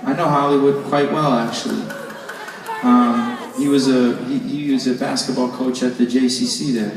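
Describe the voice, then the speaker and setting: A man's voice: medium pitch, steady tone, normal speed, far from the mic, over music. A man casually joking with an audience and answering their questions from a stage, loose and rambling with many restarts. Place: concert hall stage with audience. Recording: echoey live hall from afar, loud crowd.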